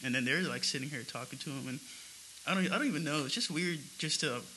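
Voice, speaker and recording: A man's voice: fairly high pitch, fast, slight background noise, rough recording. A man co-hosting a casual podcast chat, telling funny stories with a lot of laughter. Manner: laughing storyteller, animated. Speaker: podcast co-host.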